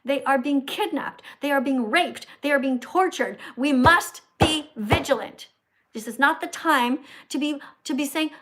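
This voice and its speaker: A woman hosting a live stream in a blunt, bossy, confrontational way, with quick asides to her viewers. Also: high-pitched, fairly bright tone. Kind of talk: casual live-stream chat.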